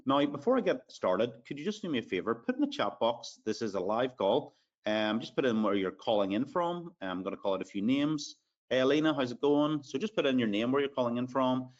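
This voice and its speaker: A man with an Irish accent runs a live sales webinar, speaking at a medium pitch in an animated, fairly quick way. He chats along with plenty of fillers and reads audience names aloud as he goes. The highs in the audio are cut off.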